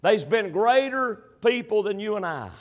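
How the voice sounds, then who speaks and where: Preacher guy, pretty high voice, gets loud then drops real quiet. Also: lively intonation, moderate pace, lo-fi sound. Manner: emphatic, swings from loud to hushed. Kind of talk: sermon.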